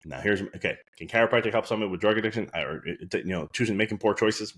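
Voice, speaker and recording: Quick, low-voiced male podcast host and chiropractor; anecdotal, earnest storyteller. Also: a bit bright, husky. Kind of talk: casual podcast monologue.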